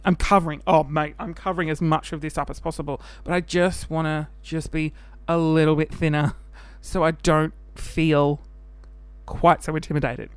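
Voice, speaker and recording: An Australian podcast host, his clean-toned voice fairly high in pitch and free of room sound, chats casually on his own show. He's animated, camp and laughing, slipping into quick bursts of mock voices.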